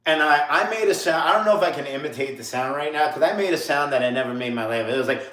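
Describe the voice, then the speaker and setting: Fairly high-pitched, quick and a bit bright, this man's voice echoes around the room as he tells a story on a laid-back livestream. He's a streamer from New York in his late thirties who wanders off track, uses plenty of fillers and chuckles at his own expense.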